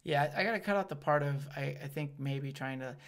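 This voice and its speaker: A man in his thirties, a stand-up comedian chatting casually, who gets loud and excited and swears freely. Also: a little high, fairly quick. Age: 30s. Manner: loud, excitable, swearing, acts out crowd voices. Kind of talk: casual podcast chat.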